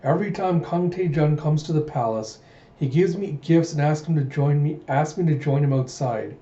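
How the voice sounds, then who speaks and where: A man voicing a spirited, sulky teenage princess, his pitch raised and lightly whiny. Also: normal speed, dark tone, lightly acted. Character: young princess, teen girl, spirited and sulky. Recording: dull roomy home recording.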